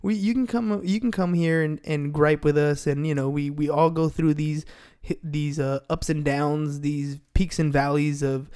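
A man's voice: on the high side, fairly even intonation, normal speed, darkish tone, clean tone. A man in his thirties hosting a business podcast, talking energetically and motivationally, often tagging lines with "right?". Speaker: podcast host and sales coach. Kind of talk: casual podcast chat.

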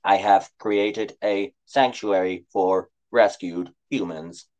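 A man voicing a friendly hipster robot who talks in a slow, flat, mechanical way. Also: sits low, pitched below the performer's own voice, low-quality recording. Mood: deadpan.

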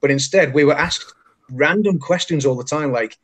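An English man co-hosts a podcast, chatting casually and telling anecdotes with frequent laughter, growing lively as the stories unfold. His voice is a little high and moves at normal speed.

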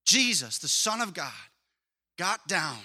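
A man preaching a sermon as a pastor, lively and emphatic, telling stories. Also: sits high, takes it slowly.

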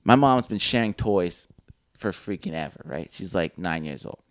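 Animated young man telling stories. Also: low-pitched, moderate pace, dry recording, studio quality. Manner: animated storyteller, swears freely, acts out quotes. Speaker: podcast co-host. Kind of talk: casual podcast storytelling.

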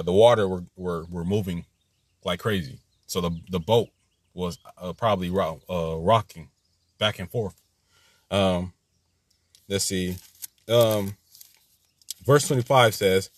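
A man's voice: on the low side, no echo, clean studio sound. Rambling man teaching a Bible lesson. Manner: rambling, repeats himself, laughs at his own asides.

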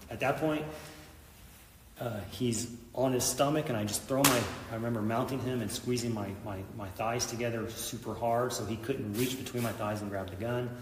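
A man's voice: medium pitch, steady tone, moderate pace, roomy sound, in a large hall, far from the mic, background noise. A middle-aged man, a police officer and veteran, telling an intense story in an interview, acting out what people said. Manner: intense retelling, acts out quoted lines.

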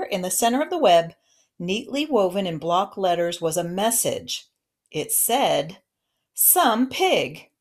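A woman narrating a children's novel aloud in a gentle, expressive storytelling manner. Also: medium pitch.

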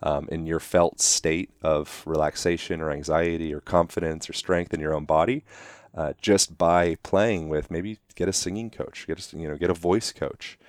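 A man talking as a guest in a relaxed conversational way, full of "you know" fillers and quick acted-out examples. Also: sits low, no echo, clean studio sound. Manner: animated, acts out quick voiced examples.

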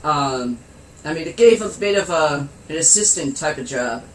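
A man's voice: a little high, animated, moderate pace, a bit bright. A man casually telling a funny story, giggling and laughing as he goes, and swearing freely. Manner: giggly, laughs through his anecdote. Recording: roomy, with faint background noise.

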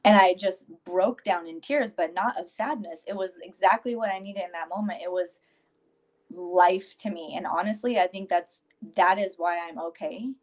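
A woman in her forties, a grieving mother as guest, telling a personal story in a tearful yet steady way and quoting others in lively voices. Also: lowish voice, moderate pace.

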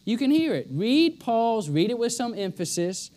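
A man delivering a sermon in a notably high voice. He presses each point hard and often says it twice for weight. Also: very animated, moderate pace, darkish tone. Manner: emphatic, repeats lines for stress. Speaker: preacher.

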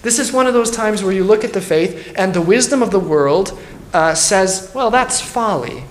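Earnest pastor in a roomy hall. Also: male voice, high-pitched, animated, normal speed, a little hiss or hum. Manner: earnest, emphatic, thinking aloud with restarts. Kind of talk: Bible study teaching. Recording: roomy echo.

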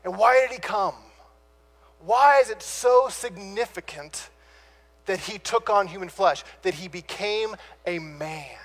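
A man preaching a sermon who puts rhetorical questions to his listeners and pauses dramatically on key words before rushing on. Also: sits high, fairly bright tone.

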